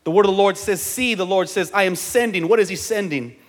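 A male pastor preaching a sermon in a church, calling on the congregation to answer back and rising to shouts at the peaks. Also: high voice, a little fast. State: sweating from exertion. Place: church sanctuary. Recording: live church sound with long reverb.

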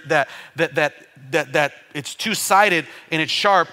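A male pastor preaching to his congregation with a strikingly bright, piercing tone and a fairly high voice. He stumbles and restarts often, calls out for an amen, and builds toward loud, fervent passages. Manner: preaching with many restarts, rising to loud fervor; asks for amens from the congregation. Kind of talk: sermon.

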